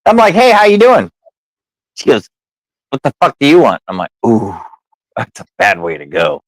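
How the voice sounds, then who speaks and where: Cussing guy telling a story, lively up and down voice, dry close sound. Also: medium pitch, moderate pace, dry recording, poor audio. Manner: profane, animated storyteller. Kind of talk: casual storytelling chat.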